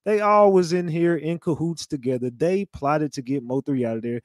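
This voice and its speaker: A man's voice: on the high side, moderate pace, darkish tone, no echo, studio quality. A man hosting a commentary show, rambling in casual slang with lots of fillers. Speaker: host.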